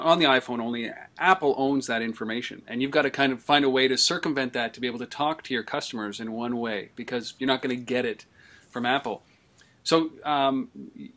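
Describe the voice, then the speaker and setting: Fast-talking male interviewer. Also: mid-range voice, fairly bright tone. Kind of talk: casual interview.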